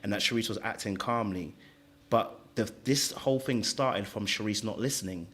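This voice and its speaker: A man's voice: on the low side, moderate pace, fairly bright tone. A man, co-hosting a podcast and arguing his take on a reality show emphatically, often repeating words. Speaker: podcast co-host. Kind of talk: heated reality-show reaction talk.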